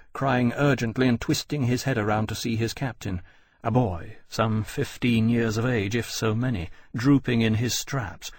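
A man narrates an audiobook with measured, steady storytelling. His voice is husky and mid-pitched, recorded close and dry. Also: dry recording. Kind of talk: scripted narration.

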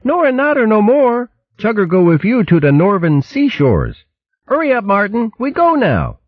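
A tiny, cheeky baby squirrel piping out lisping baby talk far above an adult's pitch. The voice stays husky at its core, on a slightly muffled audiobook recording. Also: male voice, wildly swooping pitch, normal speed, no room sound, full character voice. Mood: eager.

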